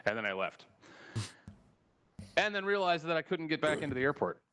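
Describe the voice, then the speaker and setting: Brisk and a little high, with a clean tone, an American man spins a travel tale during a casual podcast chat. He curses often, stays animated, and performs the lines of dialogue.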